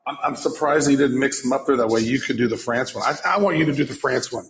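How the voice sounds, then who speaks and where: A man's voice: mid-range voice, fast talker, background noise. A man co-hosting a casual podcast, teasing his partner and joking about himself. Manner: self-mocking, playful teasing. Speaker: podcast co-host.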